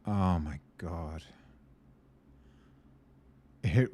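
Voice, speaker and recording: A man hosting a gameplay video, thinking aloud and muttering to himself as he works through a puzzle game, hesitant and easily excited. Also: deep voice, unhurried, pauses often, a little hiss or hum.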